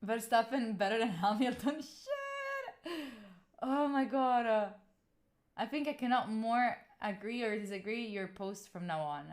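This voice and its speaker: An Italian livestreamer in her twenties speaks English with an Italian accent, her voice on the high side and her pace measured. She's animated and frank, swearing freely as she reads and answers her chat.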